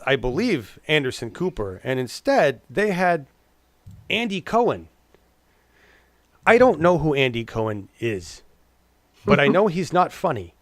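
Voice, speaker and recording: A male podcast co-host rambles through a casual political chat, restarting his words and slipping into mocking impressions. His mid-range voice is a bit bright, and there's no echo.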